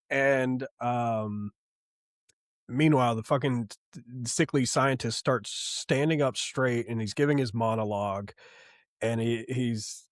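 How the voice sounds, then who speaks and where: A man chatting casually as a podcast co-host. He talks in an excitable rush, swears freely and rambles through fillers. His voice sits in an ordinary pitch and sounds dry and close, with little room sound. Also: no echo. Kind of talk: casual chat.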